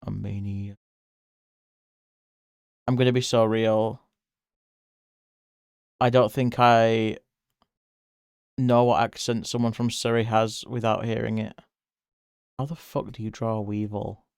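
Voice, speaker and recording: Drawing on stream, a man keeps up relaxed chatter with his audience, giggly and freely profane, sometimes shooting up into high squeals of excitement. His voice comes across smooth and clear at an unhurried speed, recorded dry and close.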